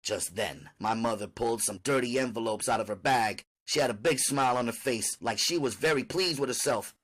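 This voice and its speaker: A man's voice: medium pitch, fairly quick, fairly bright tone. A man reading an audiobook aloud in first-person narration.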